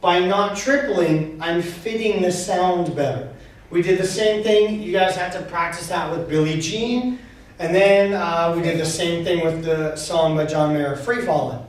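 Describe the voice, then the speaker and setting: A dance instructor in a dance studio recaps a class, explaining technique and chanting beats to show the rhythm. His voice sits high and he speaks unhurriedly. The room is very echoey and the mic is far off.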